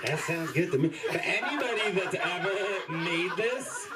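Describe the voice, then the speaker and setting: A man's voice: sits high, lively intonation, normal speed, recorded from a distance, heavy background noise. A man doing open mic stand-up in a small comedy club, chatty and rambling, full of fillers and voiced asides.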